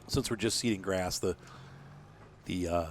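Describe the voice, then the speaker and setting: In a low voice that moves a little slowly, a gameplay commentator chats casually over his farming game, rambling and full of fillers. He sounds tired and yawns, with slight background noise behind him.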